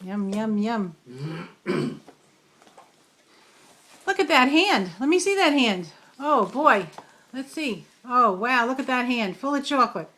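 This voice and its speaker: Slow, coaxing older grandma. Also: female voice, a little high, lively intonation, sharp tone. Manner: coaxing, sing-song questions. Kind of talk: baby talk to a grandchild.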